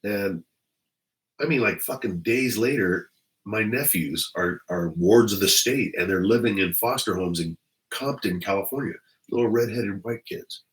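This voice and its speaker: Blunt, profane deep-voiced middle-aged man. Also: a little slow, rough recording. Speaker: retired police officer vlogger. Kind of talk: casual rambling monologue.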